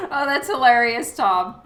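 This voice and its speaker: A high-pitched woman chats slowly and casually with her stream audience, breaking into giggles between comments. Her voice carries a roomy echo, and faint music plays underneath. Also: a bit bright. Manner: giggly, reads chat messages aloud. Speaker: artist streaming to chat. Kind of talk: casual live-stream chat. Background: faint background music.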